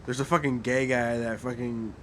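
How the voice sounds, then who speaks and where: A man's voice: mid-range voice, little pitch movement, normal speed, a little hiss or hum. A young man, a podcast guest, chatting casually with profane words and frequent laughter. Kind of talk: casual chat.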